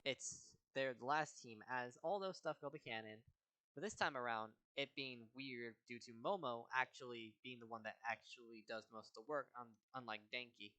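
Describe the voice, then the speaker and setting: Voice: medium pitch, moderate pace, sharp tone. A person casually narrating a fan-fiction story in run-on chains, with some stammering restarts.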